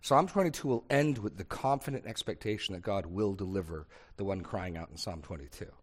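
A man's voice: deep voice, brisk. A man leading a Bible discussion as pastor, speaking earnestly, thinking aloud with small restarts and building points through rhythmic repetition. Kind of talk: unscripted teaching in a sermon discussion.

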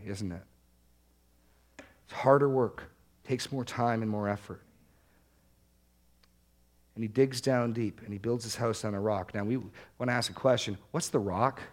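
A man preaching a sermon to a congregation, earnest, slowing down to stress key words and repeating them. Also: medium pitch. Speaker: pastor.

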